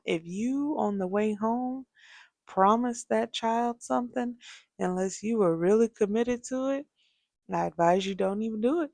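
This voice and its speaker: A young adult woman hosting a casual podcast, telling parenting stories with lively asides. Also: on the high side, unhurried, creaky, dry recording, studio quality. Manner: animated storytelling, acts out quoted voices. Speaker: podcast host.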